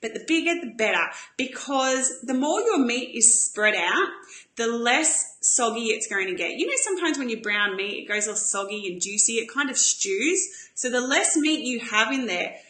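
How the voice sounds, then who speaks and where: Bubbly woman, bright and high. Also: lively intonation, normal speed, roomy sound. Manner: bubbly, enthusiastic, chatty. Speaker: cooking show host. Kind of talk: live-streamed cooking demonstration.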